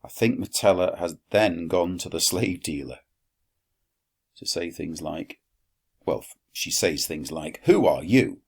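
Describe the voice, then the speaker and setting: A man teaching a Latin lesson, explaining slowly and deliberately with dry, wry asides. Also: low-pitched, steady tone, creaky, slightly rough. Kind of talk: recorded classroom lesson.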